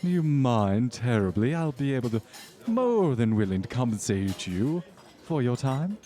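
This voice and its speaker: A man's voice: mid-range voice, big pitch swings, a little slow, mellow. A man voicing a flamboyant, pushy society woman with a sing-song, gushing way of talking. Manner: gushing, breezy, calls everyone darling.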